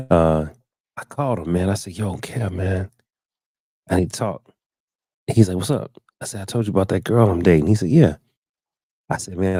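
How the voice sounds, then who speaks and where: Low, mellow-voiced man telling a story. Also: dry recording, studio quality. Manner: animated storyteller, acts out quotes with big pitch jumps. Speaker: show host. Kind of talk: casual storytelling on a live talk stream. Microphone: studio mic, live stream.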